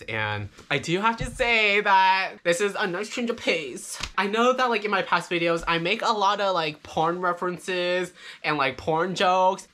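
A young man vlogging in a campy, flamboyant, profane joking manner, talking excitedly to his viewers. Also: sits high. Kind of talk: campy confessional vlog.

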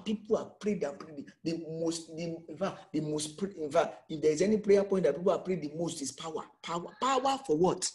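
A man's voice: on the high side, brisk, few pauses, darkish tone. A man with a Nigerian accent preaching an emphatic sermon as pastor, full of rhetorical questions.

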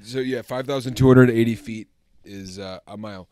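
A man co-hosting a podcast, trading crude jokes and laughing loudly in casual chat. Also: medium pitch, moderate pace. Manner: loud, laughing, crude banter. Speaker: podcast co-host.

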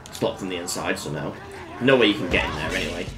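A man giving casual let's-play commentary on a game, breaking into excited exclamations. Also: low-pitched, quick pace, faint music behind. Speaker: gameplay commentator.

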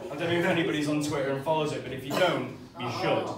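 A man's voice: on the high side, fast talker. A man doing a stand-up comedy set in a small club, sweary and conversational as he banters with the crowd, recorded from a distance. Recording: distant, echoey live venue recording with heavy noise. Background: audience laughter.

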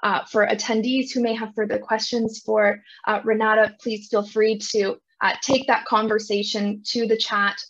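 Woman hosting a virtual event, gravelly, kinda dull lo-fi call sound. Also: a little high, flat delivery, normal speed, hardly any pauses, fairly bright tone. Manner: gracious, hesitant with "uh" fillers. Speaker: moderator of a virtual summit. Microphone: video call.

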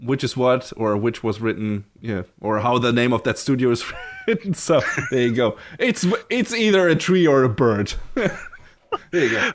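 A man co-hosting a podcast in casual chat, relaxed and hedging, laughing easily. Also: mid-range voice, normal speed, a little hiss or hum. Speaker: podcast co-host.

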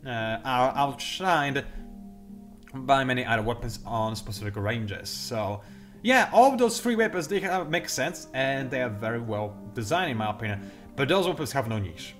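A young man hosting a strategy game tutorial, talking quickly through detailed explanations with dry, sarcastic asides. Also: medium pitch, animated, a bit bright, soft background music. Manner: talks fast, self-admittedly. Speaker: gameplay tutorial host. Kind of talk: explanatory let's-play commentary.

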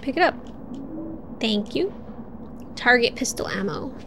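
A woman's voice: a little high, lively intonation, a little slow, background noise. A young woman streaming a horror game, chatting casually, laughing often and talking back to the game. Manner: chatty, giggly, talks to the game. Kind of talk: casual gameplay commentary.

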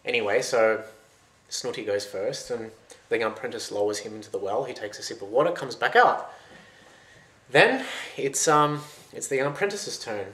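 A man tells a folktale aloud, lively and loose, circling back on his words as he goes. His mid-pitched voice sits in a roomy space with a clear echo. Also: normal speed. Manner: lively, loose and conversational with restarts. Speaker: storyteller. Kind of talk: oral folktale retelling.

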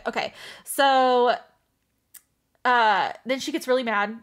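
A woman with a slightly high voice runs through a book recap in casual chat. She gushes and fangirls about her favorite moments. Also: unhurried, long pauses. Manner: gushing, fangirling. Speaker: book club host.

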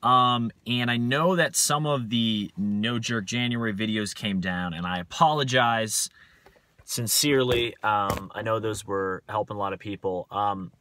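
A man's voice: lowish voice, unhurried, sharp tone, slight background noise. A young man rambling bluntly to his viewers in a casual, profane rant, full of fillers and restarts. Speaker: vlogger.

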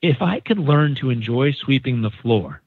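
Man, podcast guest, animated storytelling, acts out quotes, phone-like audio, dead dry. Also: medium pitch, normal speed, husky, dry recording. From San Diego, United States. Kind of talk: casual storytelling. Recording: dry, phone-like narrow sound.

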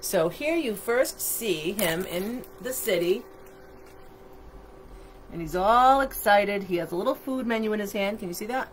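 Animated woman reading a storybook aloud. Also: medium pitch, a little slow, a little hiss or hum. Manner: chatty, animated, asks listeners questions. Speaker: storytime reader. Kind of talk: reading a picture book aloud to children online. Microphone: computer microphone on a livestream.

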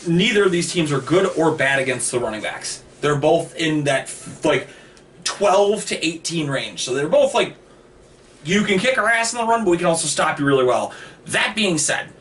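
Male co-host, higher voice, playful banter; distant call audio with light hiss. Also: a bit bright. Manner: joking, quick banter. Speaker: co-host making picks. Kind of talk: casual sports chat. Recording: distant mic with faint noise.

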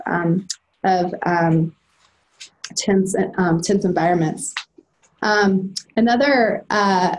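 A woman's voice: medium pitch, darkish tone, poor audio. A woman giving a recorded slide lecture on trauma and resilience, with frequent fillers and restarts. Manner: hesitant, many fillers and restarts. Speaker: presenter at a telehealth training.

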